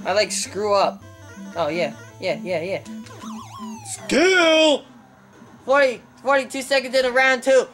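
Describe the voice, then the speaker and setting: A young woman giving casual gameplay commentary on her channel, excitable and trash-talking the opponents. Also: on the high side, slow, long pauses, soft background music. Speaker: gaming channel host.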